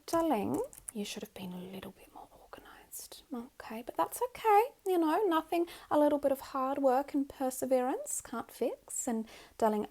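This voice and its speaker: A wealthy, fussing Australian mother, put on by a woman in a whispered role-play. She dotes and gushes, calling the listener darling at every turn, in a voice pitched a little high. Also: darkish tone. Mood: gushing. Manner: gushing and fussy, calls the listener darling. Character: doting wealthy middle-aged Australian mother.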